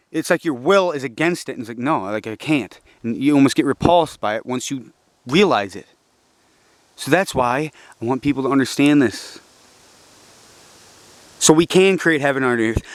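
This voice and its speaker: Young man, agitated rant, profane, fairly high voice, dry close sound. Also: no room sound. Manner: agitated, profane, swings between preachy and low frustrated mutters. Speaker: vlogger. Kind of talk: casual rambling monologue.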